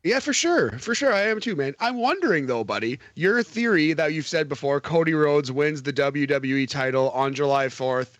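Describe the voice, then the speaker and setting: A man's voice: fairly high pitch, very animated, normal speed, few pauses, a bit bright, no echo. A man co-hosting a podcast, talking casually and animatedly about wrestling, swearing and laughing often. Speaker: podcast co-host.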